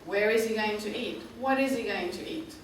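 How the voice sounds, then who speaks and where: A woman giving a guest lecture to students, speaking slowly and clearly and often checking in with "okay?". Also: on the high side. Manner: slow, clear teaching talk, checks in with frequent "okay?". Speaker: tour operator director giving a guest lecture. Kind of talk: classroom presentation to students. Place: university classroom. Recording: echoey classroom, distant mic, faint noise.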